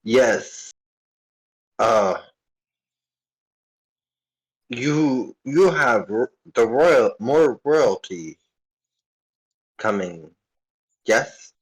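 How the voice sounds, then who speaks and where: Brief: simple-minded dragonborn warrior, as a man puts him on, unhurried and blunt. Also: mid-range voice, expressive, low-quality recording. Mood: earnest. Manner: broken, simple speech. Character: big green dragonborn barbarian man, simple-spoken.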